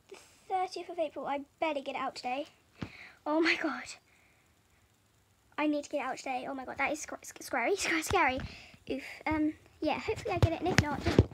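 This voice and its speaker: A soft-spoken teenage girl with a British accent, rambling and giggling through a casual vlog from her bedroom floor. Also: high voice. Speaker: vlogger. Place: bedroom floor strewn with stationery. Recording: clear crinkling and rustling noise.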